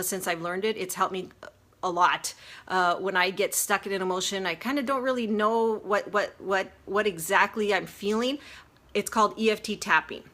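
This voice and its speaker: A woman's voice: mid-range voice, sharp tone. A woman giving an earnest, chatty self-help talk on a livestream, with lots of fillers and restarts as she explains step by step. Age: adult with a grown daughter. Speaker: life coach. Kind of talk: casual teaching from a livestream. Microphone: phone or webcam livestream.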